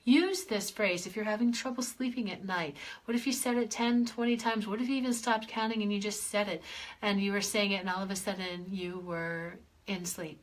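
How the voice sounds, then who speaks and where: A woman life coach hosting a live clearing session, playing with her voice as she swoops high and low through repeated chant-like phrases. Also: steady tone, moderate pace. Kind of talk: guided clearing session on a livestream.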